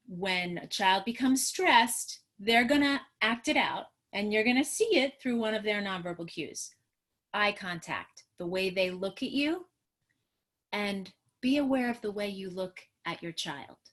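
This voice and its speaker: A woman's voice: mid-range voice, a bit bright. A middle-aged woman from New York, a trauma therapist, giving an earnest teaching talk on a video call. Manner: earnest, teaching, talks with her hands. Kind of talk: educational webinar talk.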